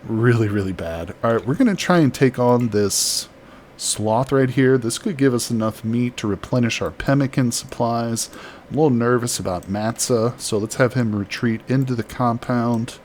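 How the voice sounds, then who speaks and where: A man's voice: mid-range voice, normal speed, a little mellow, slight background noise. A man chatting casually while streaming a colony game, reading chat aloud and laughing easily. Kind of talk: casual live-stream commentary.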